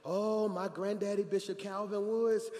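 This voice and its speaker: Pastor guy preaching, high voice, drops to a mumble then shouts, long church reverb. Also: measured pace. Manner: animated, swings from quiet asides to shouting. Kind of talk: energetic sermon storytelling. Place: large church hall.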